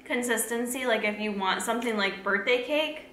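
A woman fitness vlogger chatting casually through a snack taste test, laughing often and filling pauses with "like" and "um". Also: a little high, a bit bright. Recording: echoey room, faint background hum.

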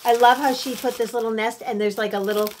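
A woman in her thirties unboxing gifts in a casual vlog, gushing and excitable as she talks straight to her viewers, and turning soft and halting when she is moved. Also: a little high, a little hiss or hum. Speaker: vlogger.

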